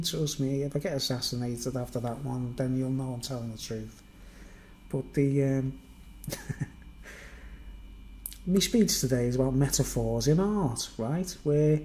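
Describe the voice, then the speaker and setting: A middle-aged man with a softened Merseyside accent chats to his stream in a loose, rambling way, poking fun at himself between fillers. His voice is warm and dark-toned, at an ordinary pitch. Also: a little hiss or hum, rough recording. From Merseyside, England. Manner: rambling, self-mocking, chatty with many fillers. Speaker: live streamer. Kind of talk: casual live-stream monologue.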